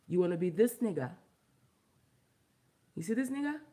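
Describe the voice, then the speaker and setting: A woman from Haiti, a vlogger and comedian, ranting loudly and emphatically with a lot of laughter. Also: sing-song, normal speed. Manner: loud, emphatic, profane, laughing, big pitch swings. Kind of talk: ranting commentary vlog.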